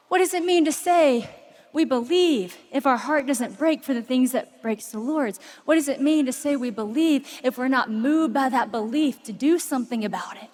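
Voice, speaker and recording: A woman delivers a passionate sermon, her high voice carrying stories and then easing into soft, intense appeals. She is speaking to thousands in a vast arena, and a long reverb trails behind every phrase. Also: moderate pace. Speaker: preacher. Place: large arena before thousands.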